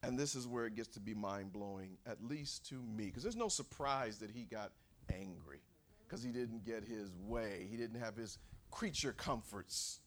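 A man preaching a sermon in a church, acting out angry quotes and shouting at the peaks. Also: fairly low pitch, lively intonation, normal speed.

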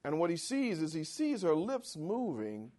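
A man preaching a sermon in a conversational style, asking for amens and swinging between loud and quiet. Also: huge pitch swings, moderate pace. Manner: dramatic swings in pitch and volume. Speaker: pastor.

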